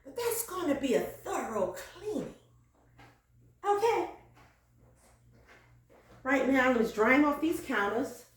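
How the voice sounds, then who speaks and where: Chatty woman, lively voice, roomy kitchen. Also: high voice, slow pace, long pauses, recorded from a distance. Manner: chatty, laughs often, drifts into sung and preaching cadences. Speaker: cooking channel host. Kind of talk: casual chat while cleaning. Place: home kitchen.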